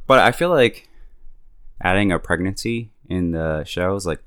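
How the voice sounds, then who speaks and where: A man's voice: deep voice, lively intonation, moderate pace, a bit bright, smooth, dry recording, clean studio sound. A young man casually recapping a TV episode in slangy talk, chuckling now and then and acting out the characters' lines. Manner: laid-back, slangy, chuckles often, acts out characters' lines. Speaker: podcast host recapping a show. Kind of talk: casual chat.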